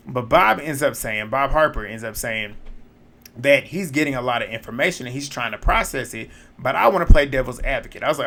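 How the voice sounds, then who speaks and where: A man recapping a reality show in casual commentary, blunt, opinionated and quick to swear. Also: medium pitch, lively intonation, pushed and bright.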